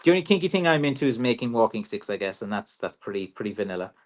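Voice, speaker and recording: A man's voice: fairly low pitch, very animated, fast. A man with an Irish accent, a walking stick maker hosting a casual livestream Q&A, chatty and joking with many fillers.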